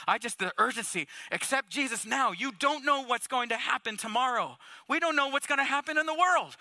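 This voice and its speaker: A man with a very high, sharp and bright voice delivers a sermon. He preaches in an animated, conversational way and keeps throwing rhetorical questions at his listeners. The sound is close and dry. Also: no echo. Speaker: pastor.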